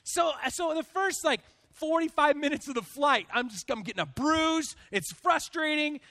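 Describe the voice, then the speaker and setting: A pastor delivers his sermon in a strikingly high, bright male voice. He spins a self-deprecating personal story with lively energy, stumbling over restarts as he goes. The sound is close and dry. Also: normal speed, dry recording.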